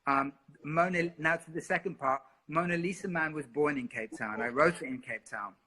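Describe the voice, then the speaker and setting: Guy, singer, super bright voice, chatty and expressive, keeps repeating himself. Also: on the high side, normal speed. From London. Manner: expressive, repeats words, lots of "you know". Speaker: singer and interview guest. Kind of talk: live interview, candid.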